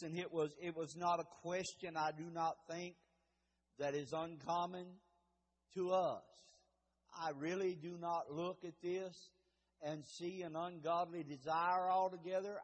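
A man preaching a sermon in a church, building up to shouted emphasis and stretching out key words. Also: sits high, slightly rough. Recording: long hall reverb.

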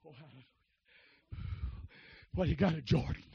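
A male preacher giving a fervent holiness sermon, shouting and calling out to the congregation. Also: fairly high pitch, normal speed, vocal fry, breathy edge, dry recording, muffled recording. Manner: exclaims, shouts and calls out to the congregation.

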